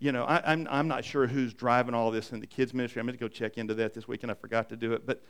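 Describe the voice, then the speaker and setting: A man's voice: mid-range voice, fairly even intonation, rapid-fire, smooth. An older man, a pastor with grandchildren, preaching a sermon in a conversational way with frequent restarts.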